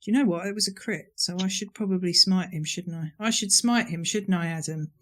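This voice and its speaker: A man's voice: high voice, brisk, fairly bright tone. A man playing in a tabletop game, casual and describing his character's actions as he goes. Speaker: player.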